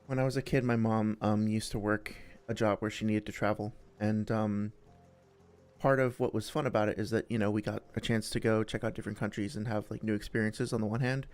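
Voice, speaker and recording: A man's voice: lowish voice, level tone, fairly quick, darkish tone, clean tone, soft background music. A young man hosting a live stream, chatting casually with viewers in a friendly, rambling way, full of fillers and restarts. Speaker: streamer host.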